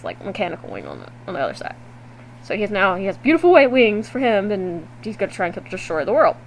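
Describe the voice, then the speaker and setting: Woman ranting about a game into her webcam, lots of swearing, slightly high voice, faint hiss. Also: low-quality recording. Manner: animated, swears freely, exasperated asides. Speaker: gaming vlogger. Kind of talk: casual game recap to camera.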